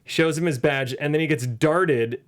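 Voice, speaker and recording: A man co-hosting a casual movie podcast, joking and swearing as he recaps scenes. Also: fairly high pitch. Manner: animated, swearing, quick asides. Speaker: podcast co-host.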